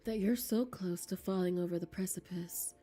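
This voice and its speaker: A woman's voice: on the low side, moderate pace, dark tone, soft background music. A woman streamer reading a game aloud, giggly and flustered, dropping into whispers as she reads.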